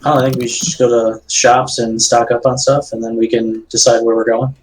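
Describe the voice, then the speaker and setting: A man chatting as a tabletop game player, practical and relaxed. Mid pitch, with a faint hiss behind him. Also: fairly quick, poor audio. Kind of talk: casual chat.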